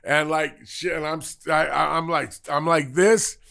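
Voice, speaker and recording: High-voiced profane man telling street stories. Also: a little slow, vocal fry. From Southern California. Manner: profane, rambling, animated retelling with quoted voices. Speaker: podcast guest storyteller. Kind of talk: casual storytelling chat.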